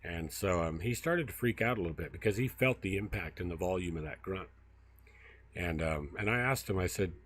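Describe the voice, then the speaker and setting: A man's voice: sits low, slight background noise. A man hosting a casual outdoor livestream, telling stories in a rambling way with lots of fillers while he walks through brushy woods by a river. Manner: rambling storyteller, many fillers. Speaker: field researcher and livestream host. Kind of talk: casual walk-and-talk livestream.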